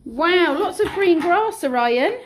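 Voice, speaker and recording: With an extremely high, expressive voice and a slow delivery, this middle-aged British childminder sing-songs to toddlers at home for her casual vlog. Between coaxing them, she talks about her day in the kitchen and playroom, with slight background noise.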